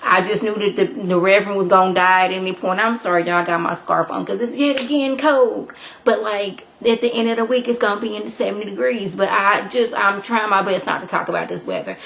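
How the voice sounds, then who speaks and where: A woman in a casual video recap, chatty and animated, filling her retelling with "like". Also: mid-range voice, a little fast, creaky, a little hiss or hum. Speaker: vlogger.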